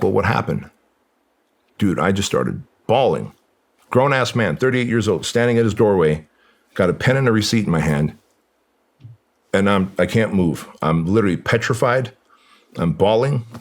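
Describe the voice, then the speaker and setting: Deep-voiced man telling a painful story. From Armenia. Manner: earnest, conversational, raw and confessional. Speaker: podcast guest. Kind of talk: emotional personal storytelling.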